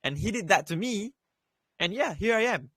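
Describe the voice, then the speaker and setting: A man's voice: high voice, lively intonation, normal speed, sharp tone, husky, no echo. A young man and student giving blunt, profanity-laden crypto advice in a casual voice chat, repeating his points. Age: young adult. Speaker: crypto trading voice chat host.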